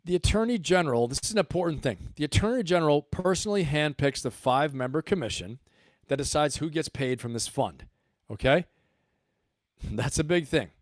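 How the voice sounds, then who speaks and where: A man's voice: on the high side, animated, moderate pace, no room sound, clean studio sound. A man hosting a livestream, giving emphatic commentary and repeating his points for stress. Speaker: host.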